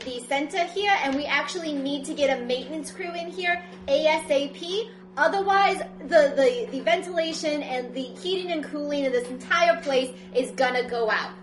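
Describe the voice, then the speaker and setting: A woman's voice: sits high, roomy sound, a little hiss or hum. A woman player role-playing in a tabletop game, speaking in a formal, rambling announcer manner. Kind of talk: in-character tabletop role-play.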